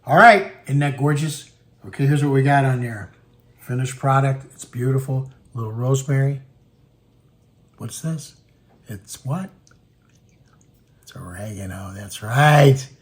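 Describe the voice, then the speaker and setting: A man's voice: medium pitch, a little slow, long pauses. A man hosting a home cooking demonstration in a kitchen, playful and chatty, talking straight to his viewers. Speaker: cooking show host. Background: background music.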